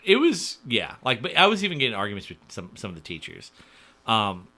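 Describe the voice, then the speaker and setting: Animated man hosting a chatty podcast. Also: lowish voice, a little fast. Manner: animated, reads headlines aloud. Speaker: podcast host. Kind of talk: casual chat and reading news.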